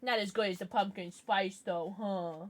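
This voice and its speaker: A woman chats casually with viewers on a livestream, bubbly and laughing often as she coos over her pets. Her voice is medium-pitched, fairly even in intonation, and moderately paced.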